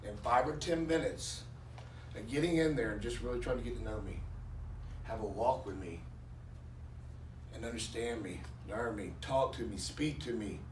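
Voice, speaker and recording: A preacher voicing God as a deep, patient male voice that speaks in a low, hushed, measured way. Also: a little hiss or hum, natural voice. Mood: gentle rebuke. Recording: echoey church from far off.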